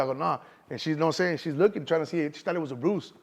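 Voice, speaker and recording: A middle-aged man with a Chicago accent speaks very fast in a fairly high voice, telling casual stories as an interview guest. His talk is full of street slang, and he keeps saying "you know what I'm saying".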